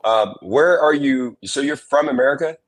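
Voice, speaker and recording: A man's voice: medium pitch, moderate pace, over a noisy crowd, rough recording. A man hosting a livestream interview, asking questions in an easygoing, meandering way full of ums.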